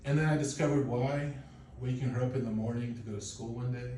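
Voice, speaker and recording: A man in his thirties, originally from Poland, doing a stand-up set with animated, profane, self-mocking storytelling. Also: medium pitch, fast. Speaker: stand-up comedian. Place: comedy club. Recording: echoey club, distant mic, faint noise.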